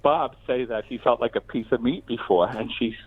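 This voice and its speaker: A man's voice: medium pitch, moderate pace, breathy edge. Man calling in over a dull line. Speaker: caller. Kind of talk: casual phone-in chat. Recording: dull phone-in audio.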